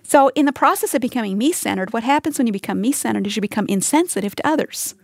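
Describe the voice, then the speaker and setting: Woman Bible teacher, fairly high voice, dry close sound, earnest and conversational with her listeners. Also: lively intonation, fast, vocal fry, dry recording. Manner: earnest, talks straight to listeners with rhetorical questions. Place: live teaching session with women listening.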